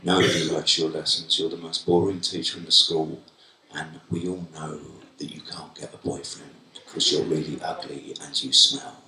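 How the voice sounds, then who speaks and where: A man's voice: a bass voice, little pitch movement, moderate pace, sharp tone, a little hiss or hum, voice pushed down, exaggerated voice. A man playing a spiteful teenage pupil who sneers insults under their breath. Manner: muttering, sneering. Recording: echoey hall, mic from far off.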